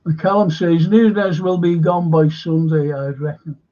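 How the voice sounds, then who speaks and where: A man hosting a live stream, reading out viewer comments in a rambling, slow way with asides. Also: a little high, steady tone, dark tone, dull audio. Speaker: host.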